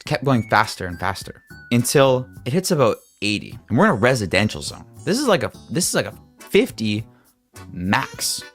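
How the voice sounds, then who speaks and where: Over soft background music, a young man with a mid-range voice and moderate pace excitedly tells a story-time vlog. He swings between loud outbursts and hushed asides, swearing and stammering at times.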